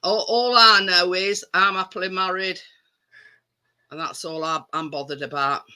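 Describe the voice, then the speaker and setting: A woman's voice: on the low side, steady tone, moderate pace, bright, forceful tone, clean tone. A woman hosting a live stream, chatting casually and rambling with repeated words and restarts.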